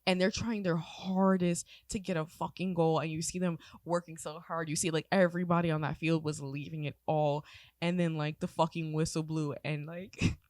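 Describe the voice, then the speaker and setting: A woman's voice: deep voice, normal speed, no room sound, clean studio sound. A woman in her twenties co-hosting a podcast, telling stories in casual chat and swearing freely. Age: 20s. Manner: animated storytelling, swears freely, slips into tears and laughter. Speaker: podcast co-host.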